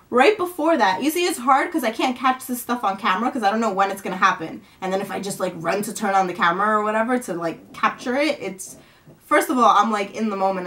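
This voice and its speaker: A woman's voice: medium pitch, a bit bright. A young woman vlogging at home, venting in a rambling, frustrated way and swearing casually.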